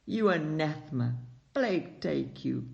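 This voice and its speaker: A man voicing an angry male postman who yells shrill curses at the driver. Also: expressive, a little slow, creaky, heavily acted. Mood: furious. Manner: shrill, raging shouts. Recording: dull lo-fi recording.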